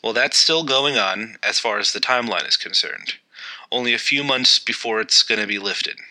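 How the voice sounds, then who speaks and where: A man's voice: fairly low pitch, lively intonation, normal speed, sharp tone, poor audio. A man hosting a history podcast, narrating events in a loose, conversational way with occasional fillers. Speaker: podcast host.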